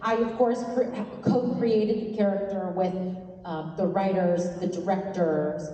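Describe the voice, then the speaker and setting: A woman's voice: lowish voice, steady tone, a little slow, mellow, muffled recording, a little hiss or hum. A woman from Canada, answering a fan on a convention panel in a thoughtful, grateful way and acting out quotes. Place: large convention hall. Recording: echoey convention hall, from far off.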